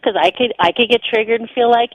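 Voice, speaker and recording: A guest sexuality teacher, a woman with a highish voice and quick pace, explains ideas in a relaxed, conversational way during a radio interview, using fillers and restarts. The audio is dry, slightly dull lo-fi radio sound.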